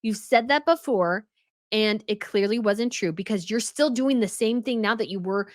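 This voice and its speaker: A woman's voice: mid-range voice, moderate pace, dry recording, studio quality. A woman giving casual news commentary as a channel host, chatty and full of fillers.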